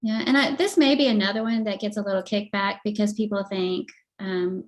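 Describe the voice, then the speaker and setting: A woman's voice: medium pitch, steady tone, a little fast. Chatty woman co-host. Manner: chatty, laughs often, acts out quoted voices. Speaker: podcast co-host. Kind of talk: casual chat.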